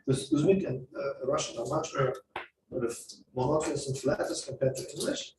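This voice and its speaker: A man's voice: mid-range voice, fairly quick, reverberant, far from the mic, noisy background. A man giving a masterclass on speaking skills, explaining and acting out examples to a class. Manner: lively, explanatory, acts out examples. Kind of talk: masterclass lecture. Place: classroom or lecture hall.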